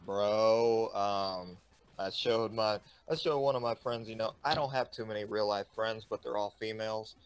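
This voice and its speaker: A man talking in slangy, animated chat with a fellow streamer about games and friends. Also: lowish voice, moderate pace, clean tone. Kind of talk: casual gaming stream chat.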